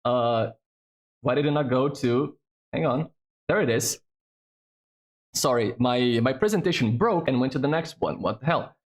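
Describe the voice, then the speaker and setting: Guy streamer running a quiz, talky, cusses a lot, mid pitch. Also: animated, normal speed, long pauses. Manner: chatty, swears freely, thinks aloud. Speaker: streamer hosting a trivia game. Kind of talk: casual live-stream chat.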